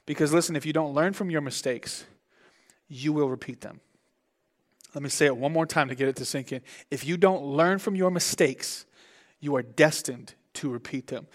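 A young man preaching a sermon as pastor, in an animated, conversational way with big swings in his voice. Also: fairly high pitch, normal speed.

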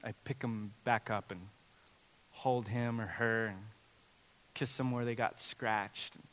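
A man in his thirties preaching a sermon as pastor, telling funny, animated family stories. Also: fairly low pitch, a little slow, long pauses, big-room sound. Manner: animated, humorous storytelling. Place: church sanctuary.

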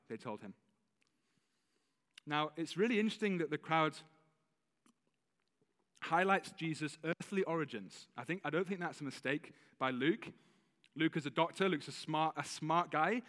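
A pastor with a fairly high voice preaches in an easygoing, conversational style, correcting himself and laughing as he goes. A slight lisp shows on some words, and the long reverb of a church hall rings around him.

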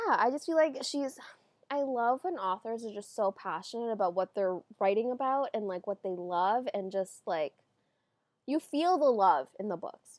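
A woman's voice: medium pitch, no room sound. Chill woman on a book podcast, says like a lot, mid voice, super dry sound. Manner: relaxed, many fillers like "like". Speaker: podcast co-host. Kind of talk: casual book chat.

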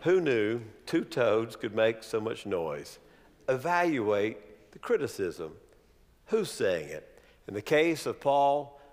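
A man preaching a sermon, asking his congregation questions and mixing in jokes. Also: medium pitch. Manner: animated, humorous preaching with rhetorical questions. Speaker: pastor. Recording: long reverb of a large hall.

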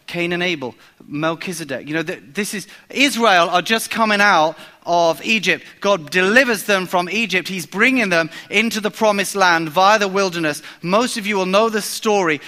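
A man in his forties preaches a sermon in a relaxed, conversational way. His voice is high and clear, and he sounds bright and forceful. He stresses his points by repeating them and often restarts his sentences. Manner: conversational preaching with emphatic repetition and frequent restarts. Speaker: pastor.

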